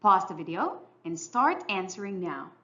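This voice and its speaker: A woman teacher giving a clear, measured, scripted English lesson narration. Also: medium pitch, big pitch swings, pushed and bright, highs cut off. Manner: clear, instructional, measured delivery.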